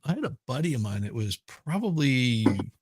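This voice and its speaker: A man's voice: medium pitch, big pitch swings, moderate pace, husky, no room sound. A man hosting a casual chat, telling an anecdote in an easygoing way with restarts.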